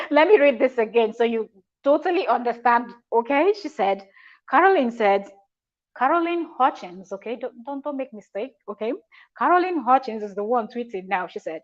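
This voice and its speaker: A woman's voice: a little high, expressive. Chatty woman, lo-fi recording. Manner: chatty, drawn-out emphatic phrases, laughing asides. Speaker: commentator reading tweets. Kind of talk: casual commentary. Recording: dull lo-fi recording.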